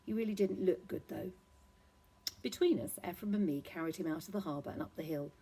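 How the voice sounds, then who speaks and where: A woman reading a children's novel aloud, steady and expressive. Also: fairly low pitch, a little fast, breathy edge, poor audio. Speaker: reader.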